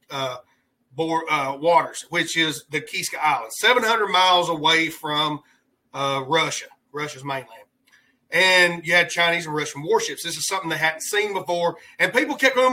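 Man, podcast host, heated rambling commentary, bright tense voice, high pitch. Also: low-quality recording. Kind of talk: opinionated political commentary.

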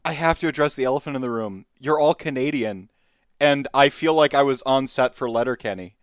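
Brief: male podcast host from Wisconsin, mid-pitched, joking and rambling, dry close mic. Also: brisk, clear, resonant tone, no echo. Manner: jokey, wandering, self-interrupting. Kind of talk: casual podcast chat.

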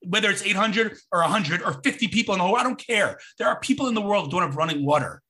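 Animated, bright-voiced man talking emphatically. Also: high voice, racing, slightly rough. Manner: animated, emphatic, jumps into mocking voices when quoting people. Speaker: podcast host. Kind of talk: casual conversational interview. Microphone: video call.

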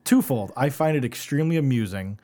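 A man in his thirties chatting casually, animated, swearing freely and laughing through his stories. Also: medium pitch, fairly quick. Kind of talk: casual chat.

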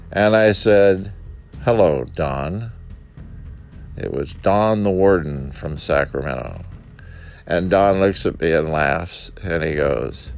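A man's voice: deep voice, vocal fry. A male park ranger telling a personal anecdote and acting out the dialogue of each person in it. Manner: acts out the dialogue, quoting each speaker.

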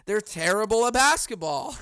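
A man from Southern California hosting a casual solo podcast into a boom mic at home, swearing a lot, laughing often and bursting into loud mock yelling. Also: animated, moderate pace, smooth, no echo, studio quality. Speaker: podcast host.

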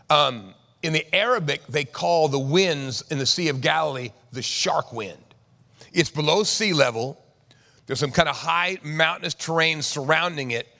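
A man preaching a sermon, swinging from loud bursts to hushed tones and acting out quoted voices. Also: a little high. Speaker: pastor. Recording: reverberant church hall.

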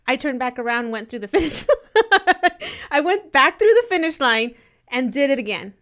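Lively young woman telling a story. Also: high voice, moderate pace. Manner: animated storyteller, laughs often, acts out the people she quotes. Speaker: podcast co-host. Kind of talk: casual storytelling chat.

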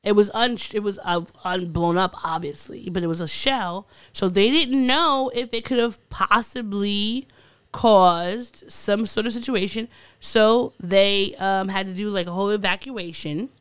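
This podcast co-host has a smooth, mid-range voice and a measured pace, heard in a dry recording. Giggling as she goes, she tells strange news stories in a loose, rambling way full of fillers and restarts.

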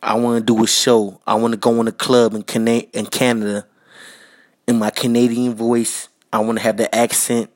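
A podcast host speaks straight to his listeners, giving a casual tribute in slangy, repetitive language. His voice is medium-pitched and level, at normal speed.

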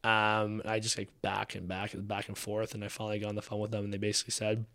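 A young man from Canada, a guest telling a story in casual chat, animated, acting out the quotes and swearing freely. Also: fairly low pitch, quick pace. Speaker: podcast guest, drinks founder.

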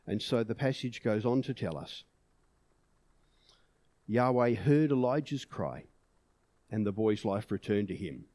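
A man's voice: on the low side, animated, measured pace, long pauses, a little mellow, no room sound. A man preaching a sermon in an earnest way, pushing emphatic peaks on key words.

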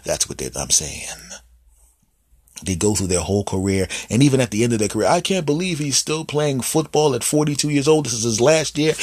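A man's voice: mid-range voice, breathy edge, no room sound, clean studio sound. A man doing a solo comedy podcast monologue, acting out little voices and bits as he goes. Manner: animated, acts out voices and bits.

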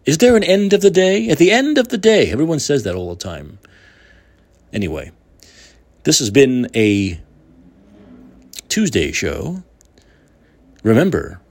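A man hosting his own talk show, delivering heated, indignant political commentary with repeated phrases. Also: mid-range voice. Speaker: podcast host.

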